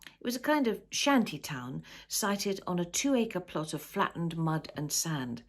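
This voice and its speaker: Author reading her novel aloud, lower-pitched woman, unhurried storyteller. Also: very animated. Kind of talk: storybook narration.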